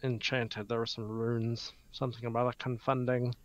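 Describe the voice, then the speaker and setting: A man's voice: mid-range voice, level tone, moderate pace, no echo, lightly acted. A man voicing a brash adult goblin adventurer in a tabletop game, talking in a blunt, wry, irreverent way on a dull, dry lo-fi mic. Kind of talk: tabletop game role-play.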